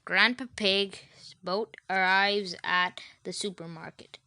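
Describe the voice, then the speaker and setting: A woman's voice: fairly low pitch, measured pace, few pauses, sharp tone, dry recording. A woman reading a children's storybook aloud, adding chatty asides to the listener.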